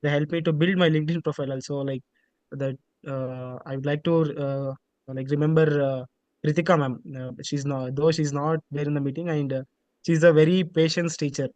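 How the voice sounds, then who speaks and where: A man's voice: a little high, fairly even intonation, fairly quick, darkish tone, dry recording, low-quality recording. A young man gives an earnest, unscripted student testimonial over a video call. He halts often with fillers and restarts. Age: young adult.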